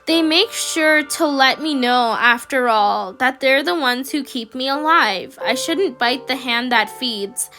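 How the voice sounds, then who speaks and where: A woman with a high voice tells a story in the first person, soft and halting as she works through her thoughts. Music plays clearly behind her throughout. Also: animated. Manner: soft, halting inner monologue.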